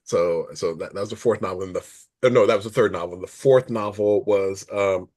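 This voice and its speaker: A man's voice: deep voice, fairly quick, a little mellow. A middle-aged man, an author being interviewed, telling long stories in a rambling, self-correcting way and laughing along as he goes. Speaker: author guest. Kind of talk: casual interview storytelling.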